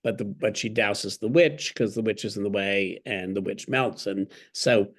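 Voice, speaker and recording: A man's voice: lowish voice, normal speed. A man, an author being interviewed, who tells stories in a wry, articulate way and acts out the quotes he cites. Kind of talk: conversational interview.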